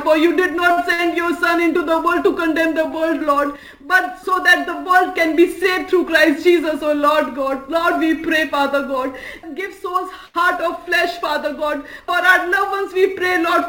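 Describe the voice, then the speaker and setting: A woman's voice: very high voice, bright, forceful tone. A woman leading a fervent spoken prayer for a radio ministry, repeating "Father God" between phrases and reading scripture aloud. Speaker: prayer leader. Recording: echoey room.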